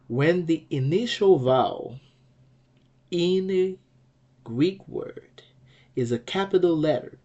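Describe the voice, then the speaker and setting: A man's voice: mid-range voice, warm tone, highs cut off. A man teaching a language lesson, explaining patiently, repeating key points and checking in with "okay?" as he goes.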